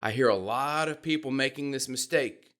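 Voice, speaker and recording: A man giving podcast speaking tips to camera, expressive and demonstrating changes in pitch and pace as he explains. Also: moderate pace. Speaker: podcast coach. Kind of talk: instructional talk to camera.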